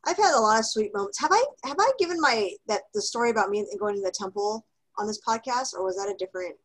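A woman co-hosting a casual podcast, telling a personal story in a lively way with laughter, fillers and restarts. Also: medium pitch, quick pace, rough recording. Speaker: podcast co-host.

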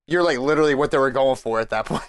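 A man's voice: medium pitch, racing, no echo. A man bantering with friends on a podcast, reacting to jokes with laughter and teasing comments. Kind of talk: casual banter among friends.

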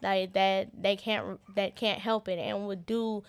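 A young woman telling a personal story as an interview guest. She talks in halting starts and often repeats words in earnest. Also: mid-range voice, level tone, no echo. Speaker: interview guest, business owner.

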